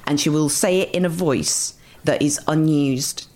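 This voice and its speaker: A woman's voice: low voice, unhurried. A woman guest in a casual chat, talking animatedly and acting out quotes. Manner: animated, acts out quotes in lively asides.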